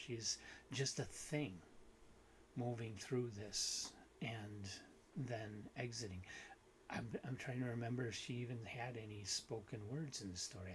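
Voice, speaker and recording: A man's voice: mid-range voice, a little hiss or hum. Man casually reviewing a book. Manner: unhurried, critical, with frequent restarts and fillers. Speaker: book video host.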